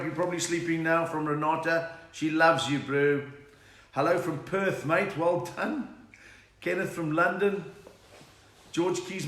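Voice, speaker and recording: In a room at home, a middle-aged man with a fairly high, slightly bright voice hosts a casual live stream, greeting viewers by name and joking around. He's chatty and reads out names and greetings, and the audio has a roomy echo with faint noise.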